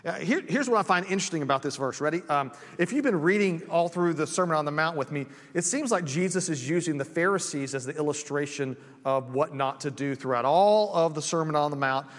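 High-voiced male pastor, echoing sanctuary. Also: a little fast, few pauses. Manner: conversational, many restarts and asides. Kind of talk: sermon. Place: church sanctuary.

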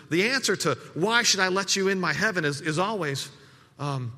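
A man's voice: high voice, fairly quick, sharp tone, long reverb tail. A man preaching a sermon in a conversational way, often repeating words as he restarts his sentences. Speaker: pastor.

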